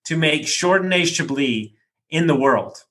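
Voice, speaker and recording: A man hosting a podcast interview, telling stories in a casual, animated way and dropping slang like dude. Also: a little high, a little slow. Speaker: podcast host.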